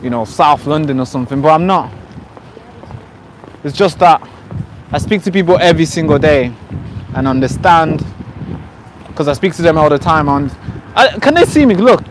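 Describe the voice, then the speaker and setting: A man's voice: a little high, animated, moderate pace, long pauses, background noise. A man live-streaming on a city street at night, chatting casually to his viewers with many restarts. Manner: chatty, restarts often, addresses viewers directly.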